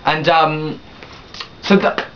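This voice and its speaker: A late-teen vlogger with a fairly high, flat voice talks very slowly over slight background noise. He rambles through a confessional personal story with restarts and blunt swearing, recorded on a dull lo-fi webcam.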